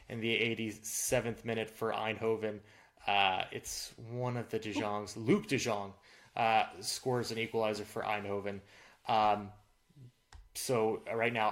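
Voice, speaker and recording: A man's voice: lowish voice, fairly bright tone. A man co-hosting a sports podcast, chatting casually about football results with lots of fillers and restarts. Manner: filler-heavy, restarts often. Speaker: podcast co-host.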